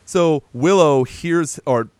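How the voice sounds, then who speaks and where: A man casually recapping a movie in conversation, jumping into loud animated impressions of the characters and swearing freely. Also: fairly high pitch, takes it slowly, no room sound. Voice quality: animated retelling, acts out characters in a raised voice, swears. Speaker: podcast co-host.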